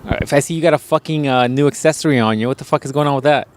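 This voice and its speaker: A man co-hosting a casual podcast, talking in a profane, rambling, animated way. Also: medium pitch, racing, a little hiss or hum. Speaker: podcast co-host.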